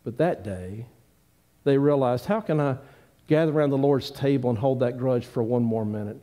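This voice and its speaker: A man's voice: mid-range voice, normal speed. Earnest male pastor preaching. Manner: earnest preaching with rising emphatic pleas and quieter asides. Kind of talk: sermon. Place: church sanctuary.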